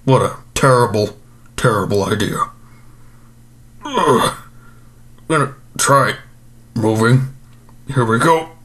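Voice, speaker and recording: A man's voice: mid-range voice, animated, slow pace, pauses often, a bit bright. A man playing an overstuffed, self-pitying male supervillain in an improvised comedy monologue, groaning and rambling about his regrets.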